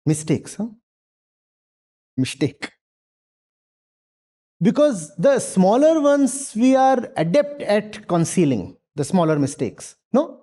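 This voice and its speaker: A man's voice: sits high, sing-song, takes it slowly, pauses often, mellow. A man speaking as a spiritual teacher to a university audience, emphatic, using rhetorical questions and repetition. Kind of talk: lecture with audience Q&A. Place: university lecture hall.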